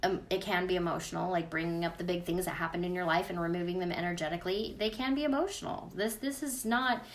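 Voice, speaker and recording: A woman's voice: fairly low pitch, fast talker, hardly any pauses, far from the mic. A woman, an energy healing practitioner, talking earnestly and casually to viewers in a live Q&A. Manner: chatty, earnest, talks straight to viewers. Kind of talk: casual livestream Q&A.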